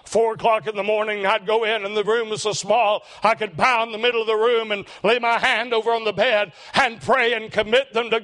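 An older man, preaching a sermon and telling a heartfelt story, slowing down for emphasis. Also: high voice, fairly bright tone. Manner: emotional, slows for emphasis.

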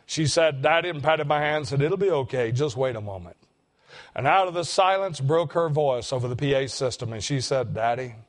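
An older man, preaching a sermon and telling a heartfelt story, slowing down for emphasis. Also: fairly high pitch. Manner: emotional, slows for emphasis.

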